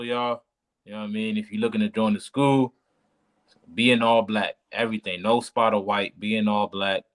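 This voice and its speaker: Male class member, laid-back and slangy, lower voice, addressing the room casually. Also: steady tone, moderate pace. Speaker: class member adding announcements. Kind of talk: casual chat.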